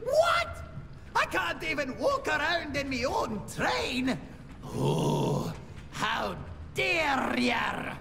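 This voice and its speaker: A man's voice: very high voice, big pitch swings, extremely slow, gravelly, over music, heavily acted. A man voicing a cranky male owl train conductor in a video game, rolling his R's and speaking in a blustery, indignant, theatrical way. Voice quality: rolls his R's, dialect speech. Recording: reverberant noisy game audio.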